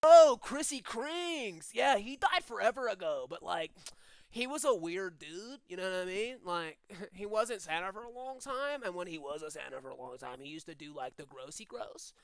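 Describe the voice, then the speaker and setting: A man's voice: high-pitched, animated, moderate pace, smooth, dry recording. A man voicing a laid-back, surfer-dude bird demon who guards a gate in a tabletop game, drawling with lots of "like" and "dude". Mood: gossipy. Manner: drawling slacker talk full of "like" and "dude".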